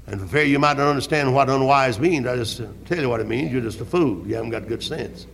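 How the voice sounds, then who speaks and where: An older man preaching a fervent sermon as pastor in a church, repeating his questions and rising to shouts. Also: medium pitch, quick pace, creaky, breathy edge. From American South. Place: church sanctuary. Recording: 1971 archival church recording.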